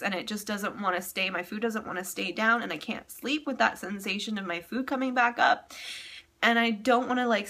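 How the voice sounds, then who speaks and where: Candid, bright-voiced young woman vlogging. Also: medium pitch. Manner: candid, chatty, frequent ums and laughs. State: emotional, close to tears. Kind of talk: casual personal vlog.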